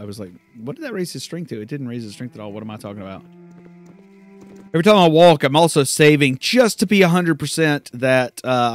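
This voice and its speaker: Brief: easygoing male gamer thinking aloud, mid-pitched, faint music under. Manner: rambling, self-correcting. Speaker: let's play host. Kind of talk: casual gameplay commentary.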